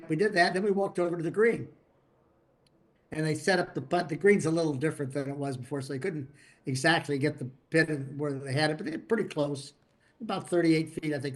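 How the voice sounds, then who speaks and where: An older man with a slightly raised pitch, telling a long story as a podcast guest. He rambles, stumbles over his words and starts sentences again. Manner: rambling, frequent restarts and repeated words. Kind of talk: casual storytelling.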